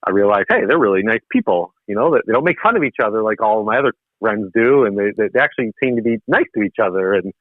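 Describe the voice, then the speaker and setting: This Ontario man's voice sits low and moves quickly with few pauses, with no room sound on a tinny, dry phone line. He's a podcast guest relating his own tale casually and animatedly, laughing and self-deprecating.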